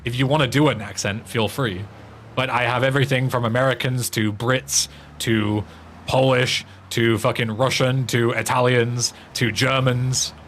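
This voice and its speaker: A man's voice: medium pitch, fairly even intonation, normal speed, a bit bright, slight background noise. An English man streaming a game, chatting casually in a rambling way with frequent swearing and restarts. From England. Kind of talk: casual chat while playing a game.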